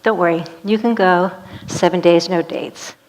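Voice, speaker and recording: A woman voicing a fair-minded father who speaks in a calm, dry manner. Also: fairly low pitch, moderate pace, close to an everyday voice, low-quality recording.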